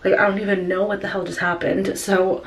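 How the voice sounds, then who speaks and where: A woman's voice: medium pitch, little pitch movement, a little fast. A young woman telling a story in a casual vlog, chatty, with many filler words. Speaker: vlogger.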